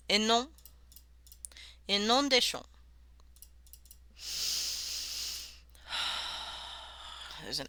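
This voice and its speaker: Woman streamer, unhurried delivery, talky, cursing and laughing, dry sound. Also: on the low side, pushed and bright, no echo. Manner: chatty, swears freely, laughs often, sounds out words. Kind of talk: casual live-stream chat while worldbuilding.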